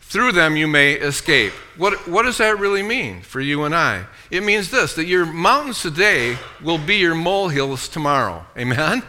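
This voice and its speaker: A man's voice: sing-song, moderate pace, hardly any pauses. A man preaching a sermon as pastor, calling for "amen" and having the congregation repeat after him. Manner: preaching with call-and-response, frequent "amen" and "okay"; reads scripture aloud in a lower, softer voice.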